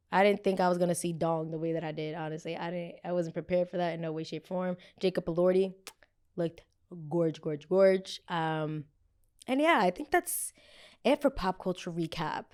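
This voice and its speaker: Young woman podcast host, slightly low voice, casual chatty recap full of excited asides. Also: clean tone. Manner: chatty and animated, many fillers and sudden excited exclamations. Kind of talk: casual solo pop culture recap.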